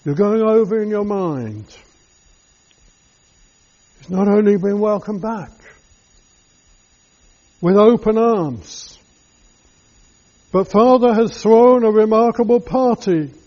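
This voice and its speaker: A male preacher guides the listener through a scripture meditation, addressing them directly and reflectively. His voice is fairly high for a man, slow and mellow, and the recording is dull and lo-fi.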